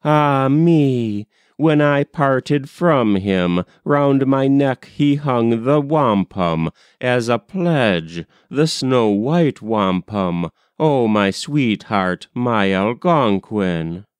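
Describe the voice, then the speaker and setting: A man's voice: mid-range voice, expressive, drawn-out words, few pauses, clean tone, no room sound. A man reading a young woman's tender, sorrowful lament for her lost lover, in a poem with a repeating refrain.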